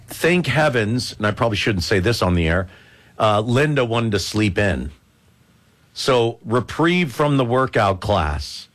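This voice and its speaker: A man's voice: mid-range voice, unhurried. A male radio host telling stories in joking banter, poking fun at himself as a dad. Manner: animated, joking, self-mocking dad humor.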